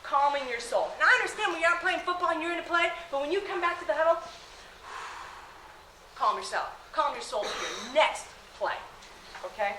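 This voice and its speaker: A woman working as a high school athletic trainer, talking casually to students, often asking "okay?" and laughing. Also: expressive, brisk, noisy background. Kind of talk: classroom talk to students. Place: school room. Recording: echoey room.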